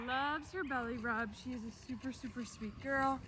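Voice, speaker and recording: A young woman dog trainer, outdoors, explaining a recall exercise and calling the dog in a loud, high-pitched praising voice. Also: brisk, hardly any pauses, heavy background noise. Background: other dogs barking.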